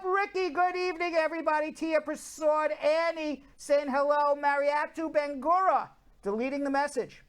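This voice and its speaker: A middle-aged man hosting a live-stream talk show, energetic as he reads out viewer comments. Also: very high voice, clean tone. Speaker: host.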